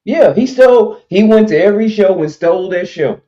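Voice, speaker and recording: A man's voice: high voice, lively intonation, fairly quick, mellow. A man hosting a livestream, giving blunt, emphatic opinions in casual chat with a mocking edge. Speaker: stream host. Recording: muffled lo-fi stream audio.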